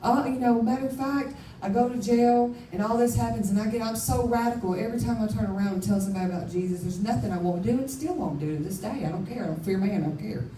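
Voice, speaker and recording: A woman's voice: fairly high pitch, quick pace, few pauses, mellow, slight background noise. A woman giving a candid, emphatic personal testimony as a conference speaker, often laughing at herself. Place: conference hall. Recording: roomy hall, speaker far from mic.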